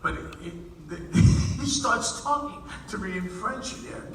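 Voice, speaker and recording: A man's voice: sits high, lively intonation. A man telling a rambling stage story with frequent laughs and restarts, heard from a distance in a large theater. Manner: rambling, halting, laughing often. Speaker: festival guest telling a story. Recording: echoey hall, distant mic, loud room noise.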